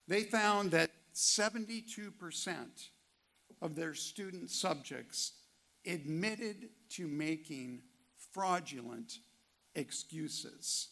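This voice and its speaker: A man preaching a sermon, asking rhetorical questions and reading scripture with slow, deliberate emphasis. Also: a little high, lively intonation, gravelly, pushed and bright. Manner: reads scripture quotes aloud.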